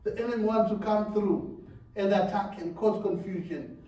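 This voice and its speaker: A high-voiced man with a dark tone preaches at normal speed in a church hall, laughing between phrases and repeating his words. The recording sounds muffled, with heavy hall echo and a distant mic.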